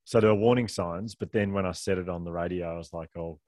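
A middle-aged man, a guest and author telling a candid story in a fast, rambling way, restarting his sentences often. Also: deep voice, darkish tone, no echo, studio quality. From Australia.

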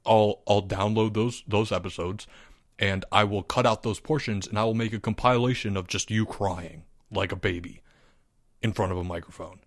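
A man's voice: fairly low pitch, fairly even intonation, moderate pace, no room sound, clean studio sound. A man co-hosting a comedy podcast, playing the teasing, exasperated straight man. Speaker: podcast co-host. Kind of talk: casual comedic podcast banter.

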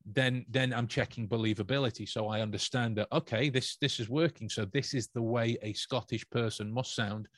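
A man's voice: mid-range voice, fairly even intonation, moderate pace, hardly any pauses, dry recording. A man with a Stoke-on-Trent English accent, talking casually on a podcast, with lots of restarts and self-corrections. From England, Stoke-on-Trent area. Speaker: podcast host.

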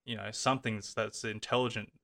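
A man's voice: fairly low pitch, steady tone, fast, creaky, bright, forceful tone. A man hosting a casual interview, musing aloud with trailing restarts.

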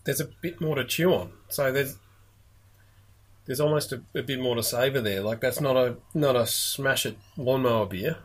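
A man's voice: medium pitch, normal speed. A man co-hosting a beer podcast, chatty and joking in casual conversation. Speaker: podcast co-host. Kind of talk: casual beer-tasting chat.

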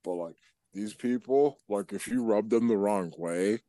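Casting: male podcast co-host, lowish voice, rambling, filler-heavy crude banter, dry close mic. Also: a little slow, mellow, dry recording. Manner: rambling, lots of "like", laughs while retelling.

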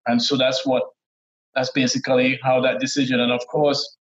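A middle-aged man with a Trinidadian accent, telling stories as a guest in a relaxed, laid-back way, often laughing. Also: medium pitch, normal speed. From Trinidad and Tobago. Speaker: guest, former footballer. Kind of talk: casual interview storytelling. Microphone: remote call audio. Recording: dull lo-fi call audio.

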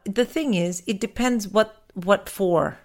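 A woman in her forties from India, a podcast guest chatting casually, animated and swearing freely as she acts out family quotes. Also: mid-range voice, slow pace. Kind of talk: casual chat.

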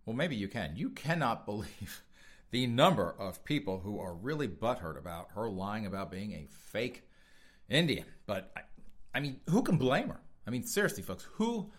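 Man, podcast host, sarcastic commentary, lowish voice, frequent laughs. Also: big pitch swings, normal speed. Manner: sarcastic, mocking, laughs often; talks straight to listeners as folks. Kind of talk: opinion commentary.

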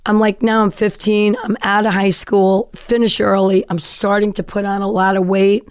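A woman's voice: mid-range voice, flat delivery, normal speed, a little mellow, clear, resonant tone, no echo. A woman comedian telling her life story as a guest, chatty and self-mocking. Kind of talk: candid storytelling interview.

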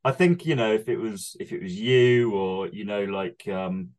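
A man's voice: lowish voice, moderate pace, darkish tone. A man co-hosting a comedy podcast, bantering dryly with plenty of swearing and laughs. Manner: dry, sweary, laughing often. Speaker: podcast co-host. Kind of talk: casual banter.

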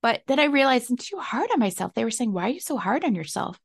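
A woman's voice: on the high side, big pitch swings, fast talker, gravelly, husky, dry recording, studio quality. A young woman hosting a solo podcast, talking candidly and reflectively, often laughing at herself. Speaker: podcast host. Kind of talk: casual solo podcast talk.

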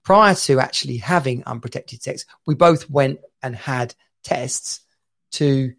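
A man's voice: mid-range voice, unhurried, creaky. A man in his forties from England, co-hosting a casual chat and telling stories animatedly with frequent laughter. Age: 40s. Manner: animated storytelling, laughs a lot. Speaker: podcast co-host.

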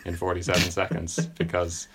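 A man's voice: deep voice, completely flat delivery, a little fast, noisy background. A British man in a casual comedic chat, rambling through self-deprecating stories. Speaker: podcast co-host.

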